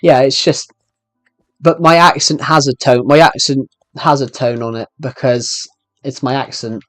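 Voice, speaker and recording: A young man from Britain with a thick regional British accent, chatting casually on a live stream and rambling quickly with many restarts. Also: mid-range voice, fairly even intonation, a bit bright, no room sound.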